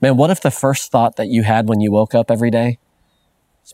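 A middle-aged pastor preaches a sermon in an earnest, conversational way, often restarting phrases and using "man" as a filler. His medium-pitched voice is steady, brisk and dark, recorded clean in a studio with no echo.

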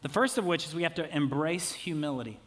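Man, 30s, pastor; relaxed conversational sermon with humorous asides, a touch high in pitch. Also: fast talker. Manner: conversational, jokey asides, acts out quotes.

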